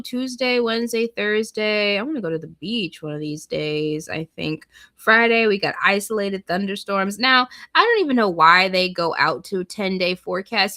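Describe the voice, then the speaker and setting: This is a woman hosting a relaxed livestream. She takes her time, drawing her words out while she reads weather forecasts aloud and chats directly with her viewers. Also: mid-range voice. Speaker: livestream host. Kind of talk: casual livestream chat.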